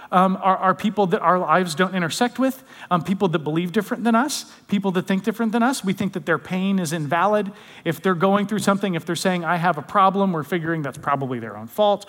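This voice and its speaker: A man with a high voice delivers a conversational sermon as a pastor. He often drops to soft, intimate tones. His voice rings with a long hall reverb.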